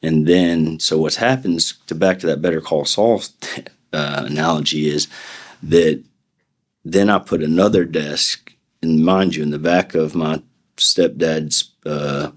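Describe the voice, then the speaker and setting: A man's voice: a bass voice, a little slow. A middle-aged man, a defense attorney, telling rambling anecdotes in a casual interview and acting out the voices of the people in them. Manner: rambling anecdotes with acted-out quotes. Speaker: podcast guest, defense attorney.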